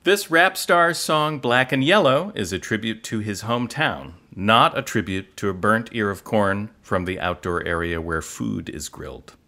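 A man's voice: lowish voice, expressive, moderate pace, hardly any pauses, sharp tone. A man reading quiz clues on a radio game show, upbeat and encouraging. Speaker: quiz clue reader.

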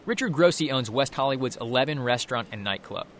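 A man reporting a scripted radio news piece in a measured, even delivery. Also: medium pitch, a little hiss or hum.

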